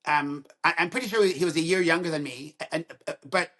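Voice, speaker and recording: This sixty-ish dentist, a guest on a podcast, speaks a little fast with a voice toward the high side. His casual storytelling is animated, and he takes on both sides whenever he recounts what someone said.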